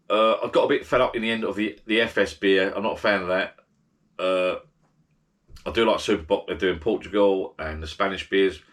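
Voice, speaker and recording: A man's voice: sits low, a bit bright. A man giving rambling, chatty holiday advice as a travel vlogger, full of restarts and asides. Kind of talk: casual holiday advice chat.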